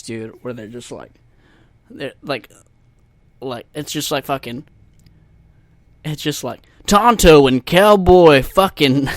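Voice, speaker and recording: A man's voice: mid-range voice, dry recording. A man hosting a casual solo podcast, talking in a rambling, profane, self-mocking way into a USB desk microphone. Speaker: podcast host.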